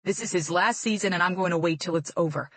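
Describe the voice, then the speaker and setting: A woman's voice: on the low side, quick pace, dry recording. A woman voicing a stern middle-aged male football coach who gives curt, commanding orders.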